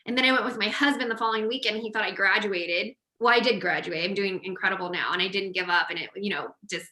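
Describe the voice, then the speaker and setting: A woman hosting a podcast, telling a story in a casual, animated way and laughing often. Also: medium pitch, fast. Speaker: podcast host. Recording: roomy echo.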